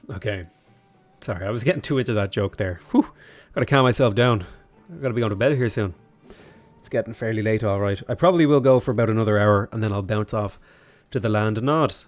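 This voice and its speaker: A man's voice: fairly low pitch, brisk, faint music behind. A young man streaming a strategy game, chatting casually in a rambling, joking way. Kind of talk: casual livestream commentary.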